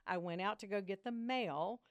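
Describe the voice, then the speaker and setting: A woman, a guest on a podcast, telling family stories in an animated way and acting out the voices of the people in them. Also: mid-range voice, normal speed, dry recording. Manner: animated storyteller, acts out quoted voices. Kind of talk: casual podcast conversation, storytelling.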